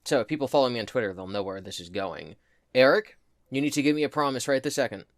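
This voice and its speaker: A man's voice: medium pitch, expressive, fast talker, dry recording, studio quality. Rambling, exasperated podcast guy. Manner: rambling, exasperated, laughing at himself. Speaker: podcast co-host. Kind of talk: casual chat.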